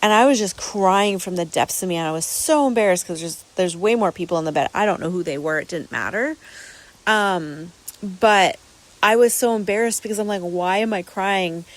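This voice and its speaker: A woman's voice: mid-range voice, brisk, low-quality recording. A woman hosting a podcast, telling a personal story casually in an earnest, rambling way, with many repeated words and restarts. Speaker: podcast host.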